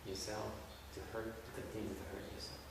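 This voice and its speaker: A man's voice: on the low side, little pitch movement, fairly quick, gravelly, very noisy. A man giving a dharma talk as a Buddhist master, blunt and scolding, with many rhetorical questions. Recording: echoey hall from far off.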